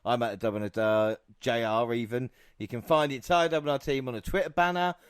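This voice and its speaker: A man's voice: mid-range voice, steady tone, fairly quick, clear, resonant tone, no echo. Joking, swearing male podcast host. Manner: laughing, swearing, jokey. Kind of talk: casual podcast chat.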